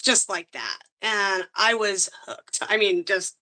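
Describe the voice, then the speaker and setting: Bright, animated woman angler. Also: mid-range voice, slow pace. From grew up on military bases. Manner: animated, laughs often, acts out quotes. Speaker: guest angler. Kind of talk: casual interview storytelling.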